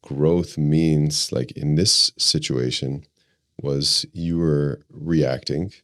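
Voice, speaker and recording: Man, very deep voice, podcast host, calm teaching explanation. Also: drawn-out words, dry recording, clean studio sound. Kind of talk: reflective explanation.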